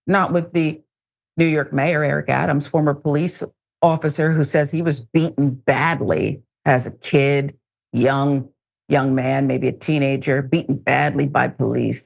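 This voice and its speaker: Gravelly, indignant woman co-host. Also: sits low. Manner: indignant, pointed. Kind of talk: casual news commentary.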